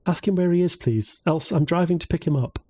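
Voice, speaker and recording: A man's voice: fairly high pitch, fairly quick, warm tone, voice pushed up, natural voice. A male narrator voicing a frank, earnest young woman who speaks with firm conviction.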